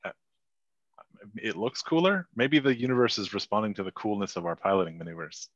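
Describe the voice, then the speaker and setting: A man's voice: fairly low pitch, quick pace, dry recording. A man joking in a laid-back way as a player in a tabletop game. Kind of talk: in-character tabletop play. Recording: dull lo-fi mic.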